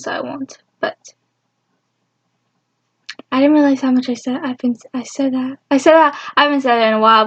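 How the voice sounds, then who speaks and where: High-voiced rambling young woman. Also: highs cut off. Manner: rambling and emotional, with sudden high squeals. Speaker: fan vlogger. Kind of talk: excited casual recap.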